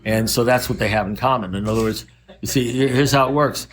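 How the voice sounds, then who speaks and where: A man's voice: mid-range voice, a little fast, slight background noise. An older man speaking at a recovery meeting, telling rambling stories in a wry, blunt manner.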